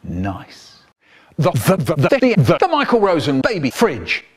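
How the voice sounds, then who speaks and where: Over a noisy background, a children's storyteller and poet with a high-sitting voice and huge pitch swings speaks at normal speed. His comic poems and stories are theatrical, packed with playful mock voices and exaggerated timing.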